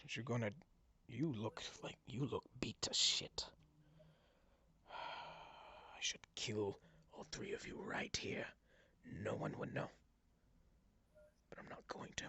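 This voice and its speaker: A man voicing a scheming male town mayor who is secretly a disguised monster, with a low, hushed, menacing way of talking. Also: animated, a little slow. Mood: menacing whisper.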